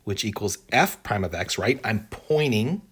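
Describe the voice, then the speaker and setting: A man's voice: fairly low pitch, animated, a little slow, fairly bright tone, husky. A man teaching an exam-prep calculus lesson, thinking aloud as he works through the problem and often checking in with "right?". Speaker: math teacher.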